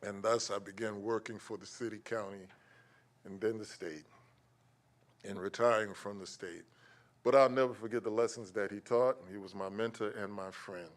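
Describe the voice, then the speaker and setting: A man's voice: on the low side, steady tone, normal speed. Older man leading a prayer. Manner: preacherly, rhythmic, rising emphasis on key words. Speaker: invocation speaker at county meeting. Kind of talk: spoken invocation and prayer. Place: county commission meeting chamber.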